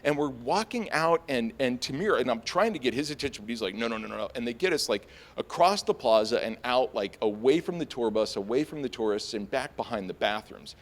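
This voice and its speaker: A young man telling a personal story live on stage, casual and animated, with frequent fillers and sudden high-pitched jumps when he quotes his own panic. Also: fairly quick, hardly any pauses.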